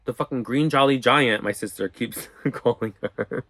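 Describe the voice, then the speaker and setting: An animated young man tells a storytime in casual, profane bursts, slipping into the voices of the people in his story. His pitch sits in the middle and he is recorded close on a dry mic. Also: moderate pace, vocal fry, no echo. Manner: animated, profane, acts out quotes. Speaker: storyteller vlogger.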